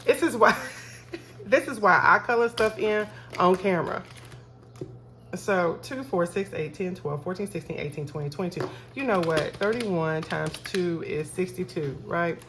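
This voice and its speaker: A woman's voice: fairly low pitch, unhurried, fairly bright tone, slight background noise. A woman, talking casually to her viewers while counting cash for her budget. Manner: chatty, talks to viewers as y'all, counts aloud. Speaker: budgeting vlogger.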